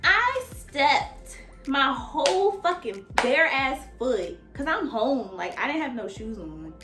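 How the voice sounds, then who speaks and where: A woman nail technician telling a casual storytime, animated and profane, talking straight to her viewers as "y'all.". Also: sits high, slow pace, music in the background. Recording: echoey room.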